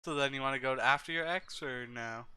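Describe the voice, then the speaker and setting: A man's voice: medium pitch, a little fast, bright, forceful tone, smooth, dry recording, clean studio sound. A man hosting a podcast, asking short prompting questions in casual chat.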